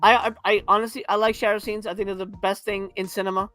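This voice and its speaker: A man's voice: high-pitched, flat delivery, quick pace, pushed and bright, soft background music. A man on a movie review panel, talking in a crude, sarcastic, rambling way and laughing often. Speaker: podcast panelist. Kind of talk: casual movie review chat.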